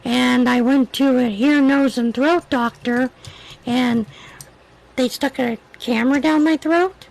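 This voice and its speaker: High-voiced woman with a weak voice. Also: fairly even intonation, slow, creaky, darkish tone, rough recording. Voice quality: weak voice that is hard to project. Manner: chatty, rambling storyteller. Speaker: livestream host. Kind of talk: casual chat, telling a story.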